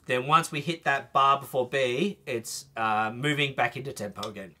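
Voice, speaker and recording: A man's voice: medium pitch, moderate pace, pushed and bright. A man teaching a trumpet masterclass, explaining phrasing and singing short bits to demonstrate.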